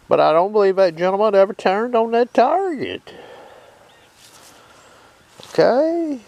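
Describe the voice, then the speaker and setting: This metal detecting host has a high, gravelly, very animated voice at normal speed, and the audio quality is poor. He gives a folksy hands-on demo of his detector, checking in with viewers, as loud detector tones ring behind him.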